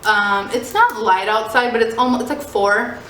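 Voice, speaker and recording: Animated young woman telling a story. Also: on the high side, moderate pace. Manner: animated, swearing, heavy use of "like". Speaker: storyteller vlogger. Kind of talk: casual storytime vlog. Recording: echoey room, faint noise.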